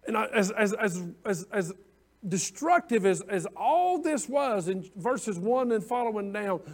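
A man's voice: high-pitched, animated, a little slow. A middle-aged man preaching a sermon as pastor, folksy and conversational, repeating his phrases as he goes.

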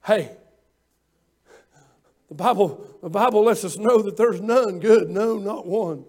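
High-voiced fervent preacher man. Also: slow. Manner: fervent preaching with rising shouts and "uh" fillers. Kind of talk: sermon.

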